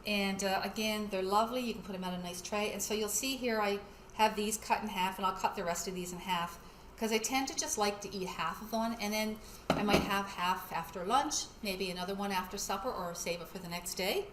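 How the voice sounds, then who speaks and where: A woman's voice: mid-range voice, fairly quick, a bit bright, reverberant, a little hiss or hum. Chatty woman making a cooking video. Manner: chatty, laughs often, talks to husband behind camera. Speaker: wellness channel host. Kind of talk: casual cooking demo. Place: home kitchen.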